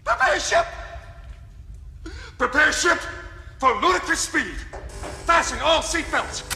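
A fussy, nervous army colonel. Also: male voice, very high voice, wildly swooping pitch, takes it slowly, bright, forceful tone, exaggerated voice. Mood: commanding. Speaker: film officer. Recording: film clip with long reverb, music behind.

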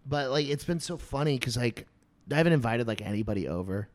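A young man in casual chat, telling a story in an animated way, swearing and laughing often. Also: medium pitch, fast talker.

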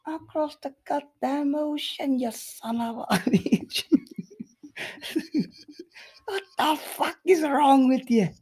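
A man voicing a furious old immigrant who rants in a shrill, drawn-out, profane screech. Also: a little mellow. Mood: furious ranting. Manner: shrieking, drawn-out, profane ranting. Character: screaming angry old immigrant man, very high-pitched.

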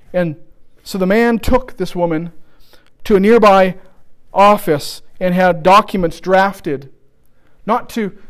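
A man preaching a sermon, telling a story with restarts and slowing down for emphasis. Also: high voice.

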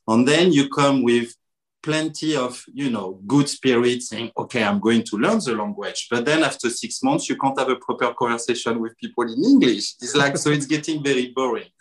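A man's voice: medium pitch, moderate pace. A man in his forties from France with a strong French accent, talking casually as a podcast guest with many hesitations and repeats. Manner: relaxed, hesitant with fillers and repeats. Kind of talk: casual interview talk.

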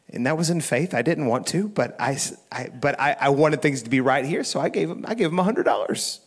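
A middle-aged pastor preaching a sermon, telling stories in a relaxed, conversational way with restarts and chuckles. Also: male voice, medium pitch, brisk, few pauses, breathy edge. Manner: conversational storytelling with frequent laughs and restarts.

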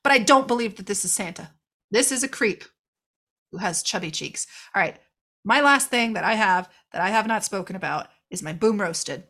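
A woman's voice: mid-range voice, moderate pace, pushed and bright. A woman co-hosting a podcast, chatting casually and animatedly about a movie, laughing and swearing as she acts out the characters. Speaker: podcast co-host reviewing a movie. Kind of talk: casual chat.

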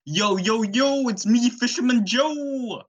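A man voicing an excitable, loud male fisherman in a high, drawn-out comedic voice. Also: lo-fi sound, full character voice. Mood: frantic. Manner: high-pitched, slow and drawn-out. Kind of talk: comedy podcast skit.

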